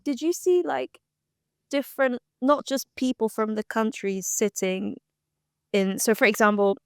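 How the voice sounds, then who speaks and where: Woman podcast co-host, smooth clear voice, enthusiastic reactions. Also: a little high, unhurried, dry recording, studio quality. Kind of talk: casual chat.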